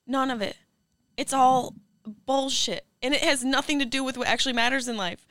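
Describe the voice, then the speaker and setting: A woman's voice: sits high, fairly even intonation, normal speed, fairly bright tone, no echo, studio quality. A woman guest on a podcast, talking in an earnest, reflective and emphatic way. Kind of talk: casual chat.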